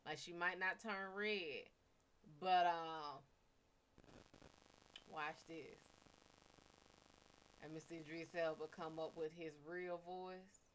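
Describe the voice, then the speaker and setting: A woman's voice: deep voice, fairly even intonation, slow, long pauses, fairly bright tone, slight background noise. A woman with a Cajun-tinged accent, chatting casually on a livestream as a psychic reader, rambling and profane with laughing asides.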